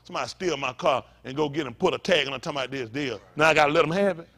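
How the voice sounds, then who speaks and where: A man's voice: fairly high pitch, very fast, a bit bright. A male pastor preaching a fiery, blunt sermon, full of profanity and call-and-response asides.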